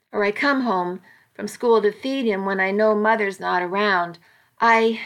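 A woman's voice: fairly high pitch, fairly bright tone. A woman voicing a frightened teenage girl who sobs and stammers her words. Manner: sobbing, halting, stammering pleas.

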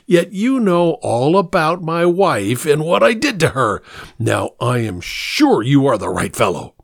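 A man voicing a menacing, vengeful male killer in a read-aloud story, with a throaty, rasping snarl and slow threatening delivery. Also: a little high, very animated, no room sound, studio quality, pitched above the performer's own voice, exaggerated voice. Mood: sneering. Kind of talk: dramatic story reading.

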